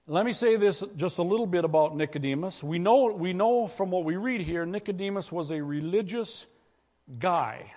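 A male pastor preaches a sermon in a high, warm voice at a normal pace, speaking conversationally and putting questions to his congregation. The recording carries the long reverb of a church hall.

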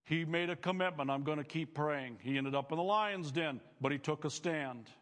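A man's voice: on the high side, moderate pace, a bit bright, long reverb tail. A male pastor preaching a sermon to students, earnest and emphatic, building phrases up as he speaks.

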